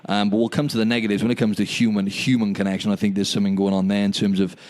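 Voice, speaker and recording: A young man from the United Kingdom hosting a casual podcast over a video call. He talks very fast in a slightly low voice, spinning animated stories and peppering them with "mate" and "you know what I mean". His voice comes through a video-call line. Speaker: podcast host.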